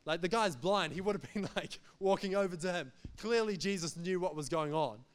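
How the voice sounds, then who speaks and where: Male pastor, emphatic sermon delivery, higher voice. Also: moderate pace. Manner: emphatic, repetitive, jokes between points.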